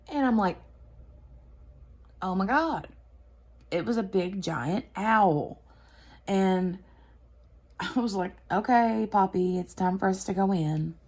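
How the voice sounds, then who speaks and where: A woman's voice: medium pitch, darkish tone. A woman hosting a craft chat video, telling a rambling story full of fillers and restarts while she works. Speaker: craft channel host.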